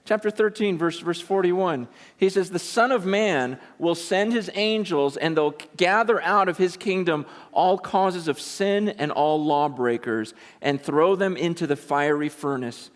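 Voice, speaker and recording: A man's voice: high voice, a little slow, hardly any pauses. A man preaching a sermon in a conversational, emphatic way, retelling scripture in everyday speech. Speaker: pastor. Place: large meeting room with an audience. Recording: long reverb of a large hall.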